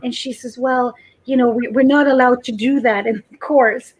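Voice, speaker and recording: A woman guest telling a personal story in a casual chat, animated and acting out what people said. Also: a little high, normal speed, breathy edge, low-quality recording. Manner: animated storyteller, acts out quotes.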